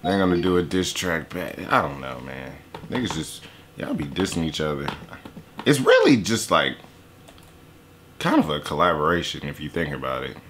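A man's voice: a bass voice, huge pitch swings, normal speed, fairly bright tone, a little hiss or hum. A young man giving a casual, joking reaction to a song. He swears a lot and slips into mocking impressions of other people. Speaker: YouTuber reacting to a diss track. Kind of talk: casual profane reaction commentary.

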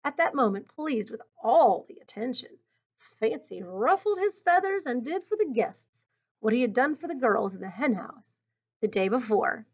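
A woman reading a picture book aloud in an expressive, teacherly way, pausing to think aloud about the story. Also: on the high side, breathy edge. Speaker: storybook reader. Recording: dull lo-fi recording.

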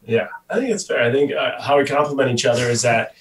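A man from Buffalo, a guest on a podcast, talking in a thoughtful, measured way with many fillers. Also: mid-range voice, steady tone, a little hiss or hum. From Buffalo, USA. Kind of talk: casual podcast chat. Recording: roomy, distant from the mic.

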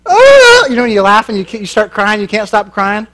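A man's voice: high voice, huge pitch swings, a little fast, a bit bright. A man preaching a sermon in a church, telling a story in a folksy, joking way and laughing at his own lines. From American Midwest.

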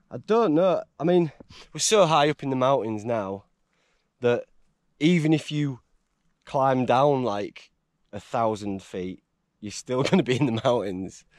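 An English man vlogging from a high mountain trail, rambling and emotional, breaking into laughter. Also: dry recording. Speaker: hiker vlogger. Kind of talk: casual vlog talk.

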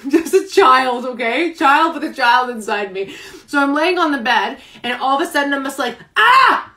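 A woman's voice: sits high, normal speed, sharp tone. A young woman chatting casually in a live video, bubbly and chatty, laughing often and a little out of breath. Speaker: vlogger. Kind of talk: casual live-stream chat. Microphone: phone camera.

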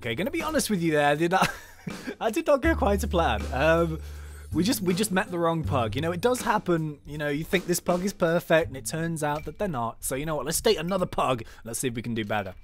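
A man's voice: fairly high pitch, expressive, fairly quick, faint music behind. A man doing chatty, self-mocking gameplay commentary as a YouTuber.

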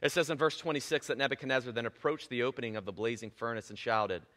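Man preaching, bright lively voice, big echoey church hall, playful storytelling. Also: mid-range voice, quick pace, hardly any pauses. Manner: animated storytelling with playful asides. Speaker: pastor. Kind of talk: sermon.

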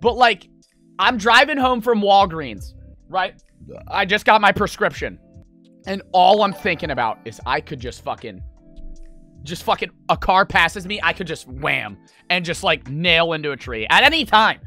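A man's voice: high-pitched, normal speed, faint music behind. A young man chatting with a streaming audience, telling rambling, profane stories full of "like" fillers. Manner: rambling, animated, swears a lot, many "like" fillers. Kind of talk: casual storytelling chat.

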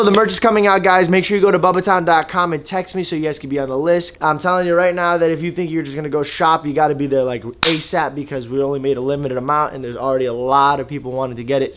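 A man hosting a casual vlog, joking around and laughing often as he chats with strangers at the beach. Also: on the high side. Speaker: vlog host. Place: outdoors at a beach. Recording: noisy outdoor beach recording.

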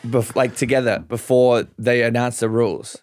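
A man's voice: mid-range voice, moderate pace, faint music behind. A young man, a podcast guest, telling stories in casual chat with lots of swearing and acted-out quotes. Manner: animated storytelling, swearing, acting out quotes.

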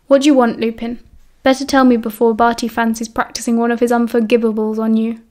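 A woman's voice: fairly high pitch, level tone, fast, dark tone, lightly acted. A woman with a British accent voicing a cold, bored, aristocratic teenage male wizard who speaks curtly and gives orders. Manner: curt, commanding, detached.

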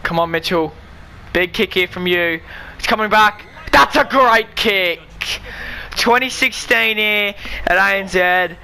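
Excitable man yelling at a game. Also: sits high, a little slow, creaky, smooth. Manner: excitable, shouting and pleading at the game. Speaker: gaming YouTuber. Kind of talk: excited live gameplay commentary.

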